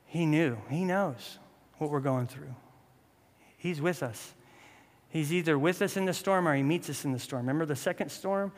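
A man's voice: on the high side, normal speed. A man in his thirties preaching a casual, humorous sermon, acting out bits of his stories. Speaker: pastor. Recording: long reverb in a hall.

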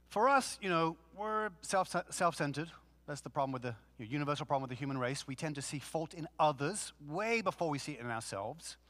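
A man preaching a sermon in a conversational, animated way, full of rhetorical questions. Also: fairly high pitch, in a large hall. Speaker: pastor.

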